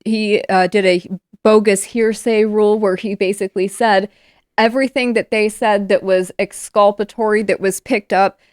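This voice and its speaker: A woman's voice: mid-range voice, fairly even intonation, moderate pace, a little mellow, clean tone, no room sound. Woman guest on a podcast, emphatic and fed up, dry close mic. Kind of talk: casual talk.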